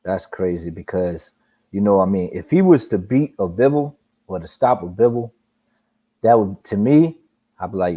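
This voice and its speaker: A young man hosting a casual boxing chat, animated and profane, often mimicking other people in a raised voice. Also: sits low, normal speed. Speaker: podcast host.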